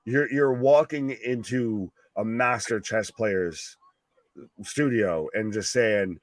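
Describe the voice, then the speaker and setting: A man's voice: on the low side, takes it slowly, no echo. A man co-hosting a live wrestling stream, talking casually, swearing often and jumping in over his co-host. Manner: profane, excitable, talks over others.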